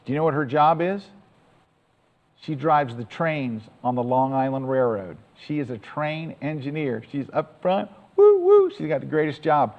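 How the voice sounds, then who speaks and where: Guy presenting to a crowd, excited and chatty, lots of long reverb. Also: medium pitch, moderate pace. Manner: enthusiastic, chatty, emphatic. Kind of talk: storytelling talk to an audience.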